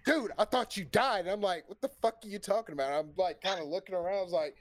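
Male storyteller, slightly high pitch, animated and profane, plays out the dialogue of his own anecdote. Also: quick pace. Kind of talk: casual storytelling on a stream.

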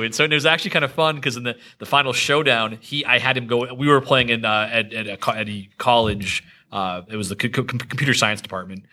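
Bright-voiced man telling game stories. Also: medium pitch, fast talker, few pauses. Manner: animated, laughs often, many restarts. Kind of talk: casual storytelling chat.

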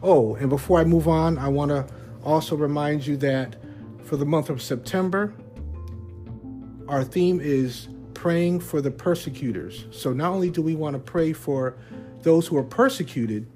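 A man hosting a Christian podcast, speaking in a measured, earnest way with occasional fillers and asides. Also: fairly high pitch, darkish tone, faint music behind. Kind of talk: scripted-sounding podcast talk.

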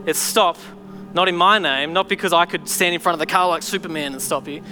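A man's voice: sits high, fairly quick, bright, forceful tone, in a large hall, soft background music. A man preaching a sermon to his church, telling stories animatedly and acting out voices. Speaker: pastor.

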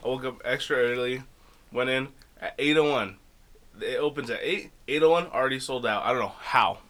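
A man's voice: mid-range voice, a little fast, fairly bright tone. A young man co-hosting a podcast, chatting casually and ranting in a loose, grumbling way. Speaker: podcast co-host. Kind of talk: casual chat.

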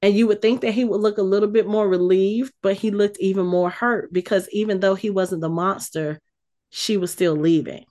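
Lady recapping a show, gets real animated, does little voices for the lines. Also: medium pitch, moderate pace. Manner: animated storytelling, acts out quotes. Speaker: podcast co-host recapping a TV episode. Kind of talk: casual chat.

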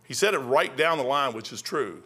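An older man preaching a sermon as pastor, plain-spoken and folksy, building to loud outbursts. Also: mid-range voice, expressive, moderate pace, husky.

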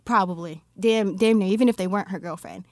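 A woman's voice: medium pitch, quick pace, no room sound, clean studio sound. A woman co-hosting a casual chat, blunt and argumentative, swearing freely. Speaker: podcast co-host.

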